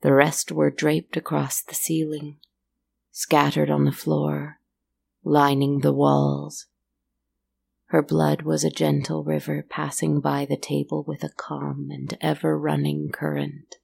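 A woman narrating a fairy-tale-like story in a calm, slow, measured way, with a creaky voice. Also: deep voice.

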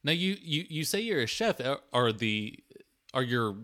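A man's voice: mid-range voice, very animated, normal speed, bright, forceful tone. A man co-hosting a comedy podcast, bantering in a breezy, mock-earnest way. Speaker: podcast co-host and producer.

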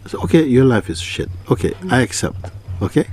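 A man's voice: mid-range voice, big pitch swings, fairly quick, darkish tone, slight background noise. A man giving a spiritual talk as a teacher, asking probing questions and often repeating his phrases. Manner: questioning, repeats phrases, acts out quoted people.

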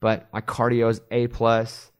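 A middle-aged man, a radio host, chatting casually and telling animated stories with quoted voices. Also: mid-range voice, unhurried, clean tone. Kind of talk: casual chat.

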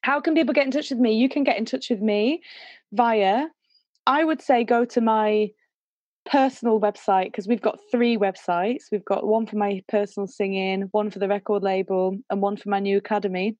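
A woman's voice: mid-range voice, steady tone, moderate pace, darkish tone, no echo, highs cut off. A woman, a singer, telling a personal story in a reflective, emotional way. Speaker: guest singer. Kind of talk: conversational storytelling.

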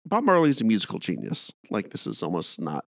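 A man's voice: fairly low pitch, wildly swooping pitch, fast talker, vocal fry, dry recording, clean studio sound. A man co-hosting a casual chat podcast, ranting with opinionated, sarcastic energy. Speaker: podcast co-host.

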